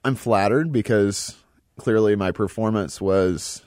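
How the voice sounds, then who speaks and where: A man talking as a podcast guest about his work as a mentalist, in an animated, quick way. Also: lowish voice, dry recording. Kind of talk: casual conversation.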